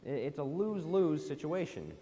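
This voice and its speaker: Preacher, male, fairly high voice, emphatic sermon delivery, long reverb of a church hall. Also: animated, moderate pace, warm tone. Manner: emphatic, rising to indignant questions. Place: church auditorium.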